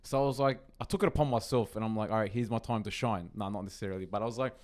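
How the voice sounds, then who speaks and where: A man telling a story in a casual podcast chat, animated, repeating his words. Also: fairly low pitch, rapid-fire. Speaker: podcast co-host.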